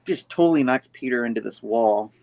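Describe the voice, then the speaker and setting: A man hosting a casual comic book review, retelling the story with animated storytelling. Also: mid-range voice, brisk, gravelly. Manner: animated storytelling, acts out the panels. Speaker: podcast host.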